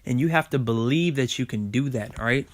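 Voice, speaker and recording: There's a little hiss or hum as a preacher talks fairly quickly in a mid-range voice. Casual in manner, he reads scripture aloud with some stumbles and repeatedly checks in with "okay?" and "man" after each point.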